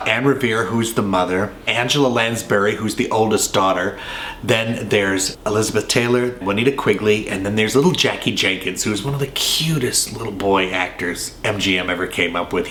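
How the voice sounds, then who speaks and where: A man's voice: lowish voice, moderate pace, a bit bright, a little hiss or hum. Chatty man reviewing old films. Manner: chatty, enthusiastic, rambling asides. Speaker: film review host. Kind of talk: casual film commentary. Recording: roomy echo, faint ambience.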